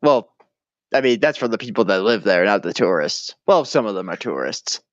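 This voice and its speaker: A man's voice: on the low side, big pitch swings, normal speed, no echo. A man co-hosting a casual podcast, laid-back and rambling, laughing often as he tells stories. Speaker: podcast co-host. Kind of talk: casual chat. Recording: dull, dry recording.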